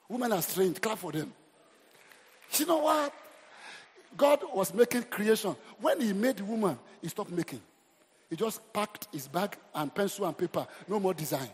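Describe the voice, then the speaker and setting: In a reverberant hall, a middle-aged Nigerian pastor preaches an animated, humorous sermon, exhorting the crowd. His voice sits high and is slightly rough.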